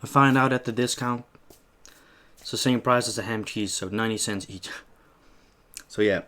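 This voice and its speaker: A young man eating on camera and telling a story in a casual, animated way, swearing freely as he acts out an argument at a shop. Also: lowish voice, normal speed. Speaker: mukbang host.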